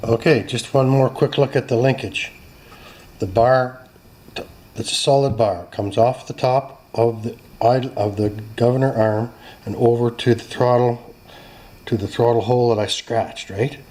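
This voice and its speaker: A small-engine repair shop owner's medium-pitched, slightly mellow voice stays fairly even and a little slow as he works in his workshop. Casual and chatty, he narrates each step of the repair, adding self-deprecating and apologetic asides.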